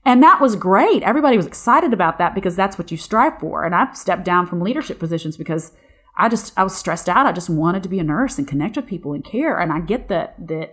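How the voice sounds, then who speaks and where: Frustrated, rambling nurse, lowish voice. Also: female voice, expressive, fast talker, a bit bright, husky. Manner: passionate, frustrated, rambling with restarts. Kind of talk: casual chat.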